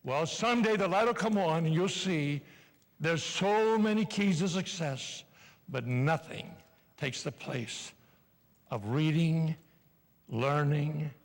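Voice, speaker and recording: An older man giving a live motivational speech to an audience in a large hall, animated and playful as he urges the crowd along. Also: on the high side, slow. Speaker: motivational speaker. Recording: long reverb in a hall.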